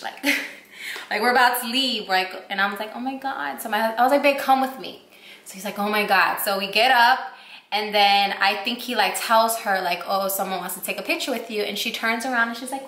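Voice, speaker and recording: Bright, gushing young woman vlogger. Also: a little high, moderate pace. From Puerto Rico. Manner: gushing, rambling, heavy use of "like". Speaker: beauty vlogger. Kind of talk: casual storytelling while doing makeup. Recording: echoey room.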